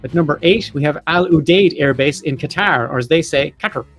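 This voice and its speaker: A man's voice: a little high, fairly quick, faint music behind. Man hosting a casual history podcast. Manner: reads facts in lists, jokey asides. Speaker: podcast host.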